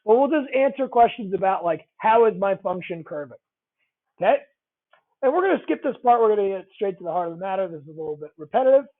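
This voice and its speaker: A male teacher gives a math lesson conversationally, repeating key phrases and checking in with the class. His voice sits high and is expressive, and he talks fast. The audio sounds tinny, like a phone.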